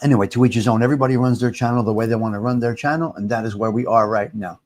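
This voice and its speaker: A man's voice: medium pitch, fairly even intonation, very fast, darkish tone. A man hosting a casual livestream, rambling, repeating himself and answering viewers' comments aloud.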